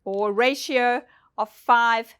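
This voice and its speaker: A woman's voice: a little high, slow pace, fairly bright tone, clean tone. A woman leadership trainer giving an instructional presentation, speaking emphatically and putting questions directly to her listeners.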